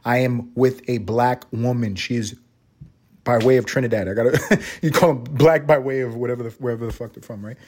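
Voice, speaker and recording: A male podcast host talking on his own in a loose, profane monologue. He rambles from story to story and keeps catching himself on tangents. His voice sits at an everyday middle pitch. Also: fairly even intonation, brisk, a little mellow. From Puerto Rico. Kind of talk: profane solo podcast rant.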